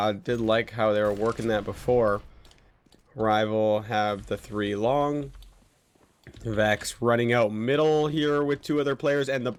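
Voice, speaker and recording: A man doing chatty, analytical color commentary on a match, asking rhetorical questions. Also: mid-range voice.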